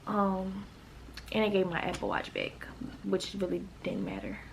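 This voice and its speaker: A woman's voice: medium pitch, very animated, a little slow, creaky, a little hiss or hum, low-quality recording. A woman in her late teens from the United States, telling an emotional storytime in a rambling way, full of "like". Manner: emotional, rambling, heavy use of "like". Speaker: vlogger. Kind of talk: storytime vlog.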